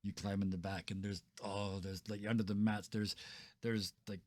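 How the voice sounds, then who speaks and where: A man running a tabletop game as game master, describing scenes in a relaxed, chuckling way with many fillers. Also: on the low side, moderate pace. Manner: laid-back, chuckling, filler-heavy.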